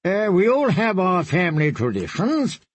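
A sneering, arrogant knight drawls his replies with lazy mockery, put on by a male narrator. His voice sits higher than the narrator's own, husky and unhurried. The delivery is dry and close. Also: huge pitch swings, no echo, full character voice. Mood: mocking. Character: arrogant, mocking young knight, sharp-tongued.

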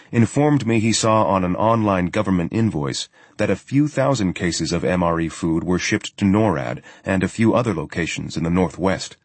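A man reading a first-person journal story in a steady, matter-of-fact way. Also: low voice, breathy edge, no room sound. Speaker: audiobook narrator.

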